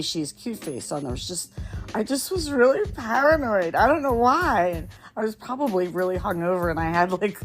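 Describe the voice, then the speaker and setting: A woman hosting a podcast tells embarrassing stories in a casual monologue, laughing often. When she gets excited, her voice jumps high.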